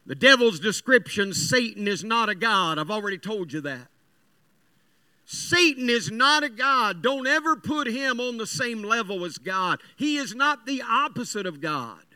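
A man's voice: high voice, pushed and bright, no echo. A man from West Virginia preaching a sermon, telling folksy stories in an earnest, emphatic way.

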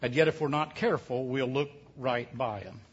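A man's voice: mid-range voice, moderate pace, slightly rough. A man preaching a sermon, telling a folksy, humorous story with many hesitations. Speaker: pastor. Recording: dull lo-fi sound.

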